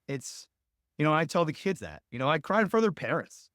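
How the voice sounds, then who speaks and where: A man's voice: on the high side, very animated, fairly quick, a bit bright, dry recording. Earnest rambling man, dry close mic. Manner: earnest, rambling storytelling with many fillers. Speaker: lacrosse coach, podcast guest. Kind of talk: casual podcast conversation.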